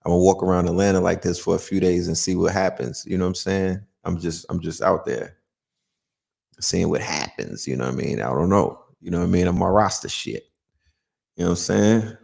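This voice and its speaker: A man's voice: low-pitched, a little fast, gravelly, a little mellow, husky. A man hosting a casual live-stream chat, joking around and tagging lines with "you know what I'm saying". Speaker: host.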